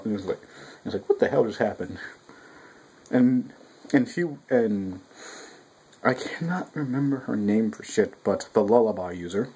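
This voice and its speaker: A man's voice: lowish voice, moderate pace, long pauses, husky, low-quality recording. A young man reviewing a manga chapter in a casual, rambling, profane way, at home with his cat nearby. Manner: profane, rambling, animated quoting.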